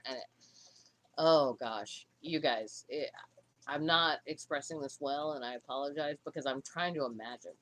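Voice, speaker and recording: A woman co-hosting a livestream, talking in a halting, emotional way with many restarts. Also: deep voice, a bit bright, a little hiss or hum. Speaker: livestream co-host. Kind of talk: casual livestream chat.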